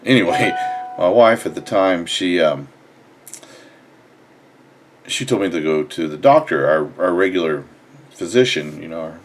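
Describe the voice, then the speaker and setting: A young man, telling a personal story in a casual, blunt, profane way. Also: low-pitched. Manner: blunt, profane, animated retelling. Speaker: fitness vlogger.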